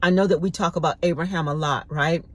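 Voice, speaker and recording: A woman's voice: sits low, steady tone, fast talker, husky. Woman preaching in a chatty, repetitive way. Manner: conversational, repeats words for emphasis. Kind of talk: informal devotional sermon.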